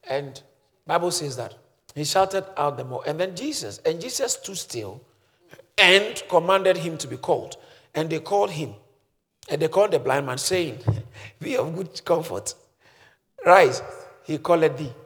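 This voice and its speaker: High-voiced preacher man in an echoing church. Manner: swings from quiet scripture reading to shouted preaching. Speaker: pastor. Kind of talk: sermon.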